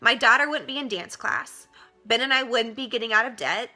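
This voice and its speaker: Faint music plays behind a young woman speaking briskly in a high-leaning, expressive voice that sounds pushed and bright, captured by a webcam mic. She shares a heartfelt testimonial about her work as a direct-sales distributor, leaning on lots of fillers and growing teary.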